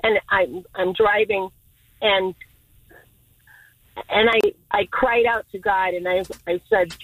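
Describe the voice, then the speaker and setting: A woman's voice: medium pitch, steady tone, slow, pauses often, fairly bright tone, no room sound, rough recording. A woman calling in to a radio show from her car, emotional and near tears. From Illinois. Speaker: caller.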